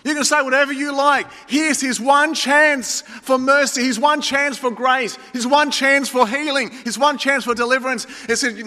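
A man's voice: extremely high pitch, fairly even intonation, normal speed, few pauses, pushed and bright, in a large hall. A man preaching an emphatic sermon, calling his listeners friends. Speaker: pastor.

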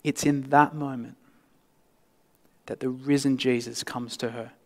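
A male pastor delivering a sermon, swinging from loud emphasis to hushed, near-whispered lines. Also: medium pitch, little pitch movement, unhurried. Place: church. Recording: long reverb of a church hall.

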